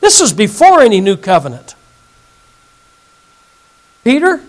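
A man's voice: very high-pitched, huge pitch swings, unhurried, low-quality recording. A male pastor teaching an evening Bible lesson, reading scripture aloud and putting questions to his audience.

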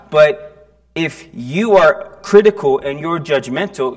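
A man preaching a sermon in church, talking casually with frequent restarts and questions to the congregation. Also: fairly high pitch. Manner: conversational, halting with restarts, asks the congregation questions. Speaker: pastor. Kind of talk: sermon with storytelling.

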